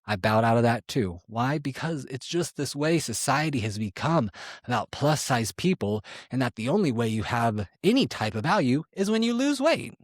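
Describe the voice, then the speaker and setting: A young man with a mid-pitched voice tells his story with sass and emphasis, cursing freely and jumping between loud bursts and low asides. The sound is close and dry, with no room echo. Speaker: podcast guest telling his story. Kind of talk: casual storytelling.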